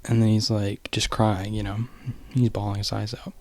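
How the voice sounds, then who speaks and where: A young man with a low, gravelly voice rambles through a movie recap, full of fillers and restarts. At times his voice sinks to a hushed whisper. The sound is dry and close, with no room echo. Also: little pitch movement, moderate pace. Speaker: vlogger.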